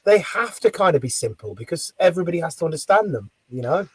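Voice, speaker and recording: A man's voice: fairly high pitch, sing-song, fast, husky, no room sound, poor audio. A man hosting a casual interview, chatty and prone to casual swearing. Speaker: podcast host.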